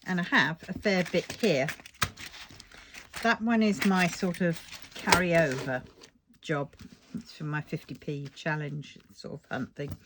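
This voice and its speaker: A woman's voice: deep voice, measured pace, pauses often, noisy background. An older woman chatting casually about her budget, rambling and self-deprecating and a little tired. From England. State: tired, yawning. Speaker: budgeting vlogger. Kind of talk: casual chat.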